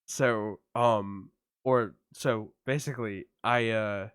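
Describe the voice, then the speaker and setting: On the low side and slow, this voice has a clean tone, no room sound, and clean studio sound. A podcast co-host, numb-mouthed from dental work, chats casually and tells an animated story, swearing plenty and performing voices.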